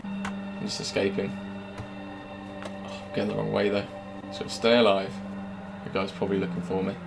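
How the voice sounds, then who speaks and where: A young man giving live gameplay commentary, swearing constantly and swinging from low muttering to loud yelling. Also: little pitch movement, moderate pace, creaky. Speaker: gamer. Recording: game music playing under the voice.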